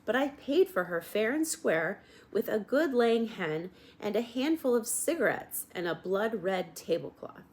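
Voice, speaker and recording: A woman's voice: medium pitch, animated, a little slow, few pauses, a little mellow, voice pushed up, lightly acted. A woman voicing a greedy, bitter old man with a whining, indignant way of talking.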